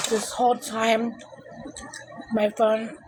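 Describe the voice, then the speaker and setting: A woman's voice: fairly high pitch, flat delivery, drawn-out words. Lady ranting on a phone live stream, exasperated, lots of background noise. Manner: rambling and exasperated, complaining aloud. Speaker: livestreamer. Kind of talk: casual live-stream chat. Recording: noisy background hum.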